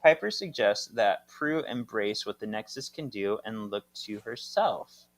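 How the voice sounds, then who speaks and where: A man's voice: fairly low pitch, expressive, a little slow. A man co-hosting a casual podcast, reading out chapter summaries with dry asides and laughs. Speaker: podcast co-host.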